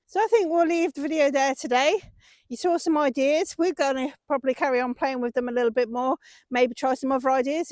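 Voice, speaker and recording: A woman's voice: high-pitched, darkish tone, no room sound. A woman hosting her own vlog, chatting casually and encouraging her horse as she works it outdoors. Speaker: horse owner and channel host. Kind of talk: casual vlog narration while working a horse.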